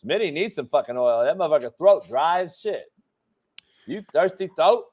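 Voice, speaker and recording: High-voiced rambling profane man. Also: expressive, moderate pace, a little mellow, a little hiss or hum. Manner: profane, rambling, joking with stammered restarts. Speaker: show host. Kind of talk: casual sports talk banter.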